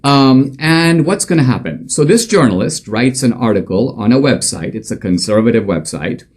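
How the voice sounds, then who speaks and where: A male commentator tells a story in a conversational yet emphatic monologue. His voice sits in an ordinary middle register, and he often pauses on fillers while he builds his point. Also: mid-range voice, expressive. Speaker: author and commentator.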